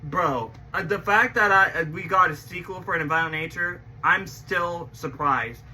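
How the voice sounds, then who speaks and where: A man with a high, very bright and cutting voice, reacting casually and at length. He rambles emotionally, trips over his words and repeats them, and swears offhandedly. A faint hiss of noise sits underneath. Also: normal speed, recorded from a distance, poor audio. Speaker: movie trailer reactor.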